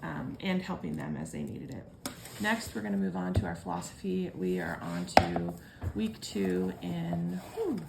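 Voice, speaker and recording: A homeschooling mother in her thirties talks at home with a gravelly, crackly edge to her voice. Her delivery is relaxed and lightly sarcastic. A steady hum of background noise runs under the recording. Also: fairly low pitch, measured pace. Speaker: homeschooling parent and vlogger. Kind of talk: casual chat and reading aloud to kids.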